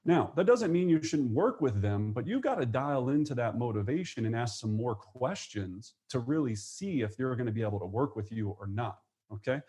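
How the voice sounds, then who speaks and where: A man with a mid-range voice teaches a live real estate webinar with lots of energy, acting out sales phone calls in quick voices.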